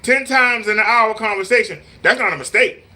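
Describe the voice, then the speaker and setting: Bright-voiced man preaching casually. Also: sits high, brisk. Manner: preachy, repetitive, scolding; mimics voices in quotes. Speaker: vlogger. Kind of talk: casual live-stream talk.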